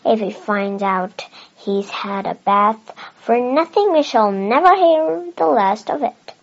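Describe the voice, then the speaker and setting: A woman with a Chinese first language reading the part of an anxious, gentle mother in a pleading tone. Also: a little high, takes it slowly. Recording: dull lo-fi recording.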